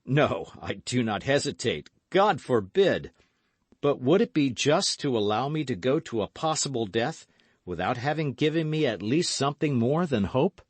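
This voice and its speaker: A man's voice: mid-range voice, sing-song, normal speed, no echo, voice pushed up. Man doing D'Artagnan, an ardent young swordsman. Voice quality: impassioned, exclaiming. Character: ardent young male swordsman, passionate and rash.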